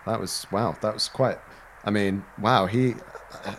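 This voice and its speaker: A man's voice: on the low side, fairly even intonation, measured pace, a bit bright, a little hiss or hum. A man chatting wryly and casually while playing a game. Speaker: gamer. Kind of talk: casual gaming chat.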